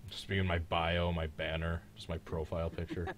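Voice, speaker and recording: A young man hosting a live-streamed race reaction, joking and excitable in casual commentary. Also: sits low, a little fast, a little hiss or hum. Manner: joking, excitable, mild swearing. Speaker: host of a live-streamed racing reaction show.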